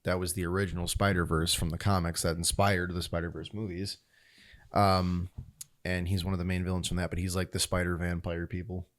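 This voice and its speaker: Low-voiced man, casual opinionated podcast chat. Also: little pitch movement, a little fast. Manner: laughing, swearing, opinionated film talk. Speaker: podcast co-host.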